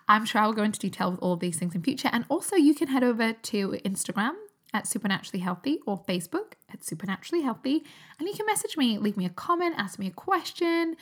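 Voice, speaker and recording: A woman's voice: fairly high pitch, sing-song, quick pace, a bit bright. A woman in her thirties, originally from Newcastle, hosting a solo podcast in a chatty, upbeat way and laughing often. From Newcastle, England. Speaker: podcast host and health coach. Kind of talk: casual solo podcast chat.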